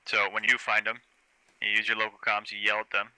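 A man acting as squad leader, giving brisk, commanding orders over game voice chat on a headset. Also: fairly low pitch, completely flat delivery, pushed and bright, clean tone, dry recording, low-quality recording.

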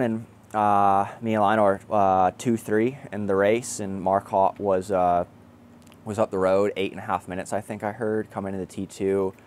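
Young man, somewhat low voice, casual race recap, excited storyteller, laughs a lot. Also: slight background noise. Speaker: triathlete.

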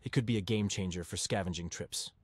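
A man voicing a lone survivor farmer in a game, speaking flat, slow inner-monologue lines. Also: deep voice, breathy edge, no room sound. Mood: matter-of-fact. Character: lone male survivor farmer, matter-of-fact. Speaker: game character narrator.

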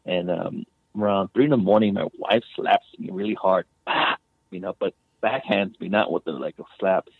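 A man's voice: sits low, moderate pace, creaky, breathy edge, dry recording. A man, a guest author, telling a personal story in a rambling way, restarting often and leaning on "you know" and "man.". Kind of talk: casual storytelling. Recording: phone-like remote line.

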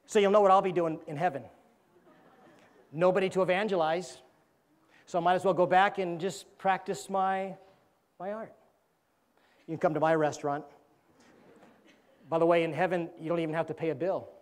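A man, an evangelist preacher, delivering a sermon in a church and telling a joke with animated character voices. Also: high-pitched, normal speed, long pauses.

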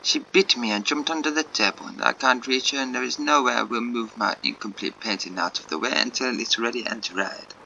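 A man's voice: medium pitch, a little fast, vocal fry, hardly any pauses, sharp tone, dull audio, slight background noise. A man putting on a haughty painter with a mock French accent. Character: fussy eccentric male painter, proud.

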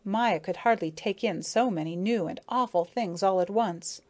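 A woman narrates a classic children's tale as an audiobook. Her storytelling is calm and even, at a moderate pitch. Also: normal speed, few pauses.

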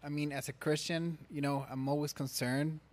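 A man's voice: on the high side, level tone, moderate pace. A man from the Middle East speaking on a podcast in casual chat, hesitant, with restarts and many fillers. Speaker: podcast co-host.

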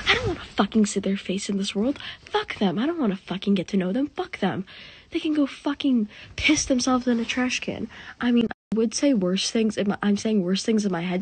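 A woman delivering an impassioned, profane rant as a vlogger, swinging from hushed talk to angry shouting. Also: medium pitch, slight background noise.

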